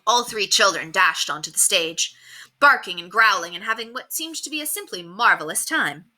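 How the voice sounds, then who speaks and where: Bright, lively woman reader, expressive storybook read-aloud. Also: on the low side. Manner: expressive, animated.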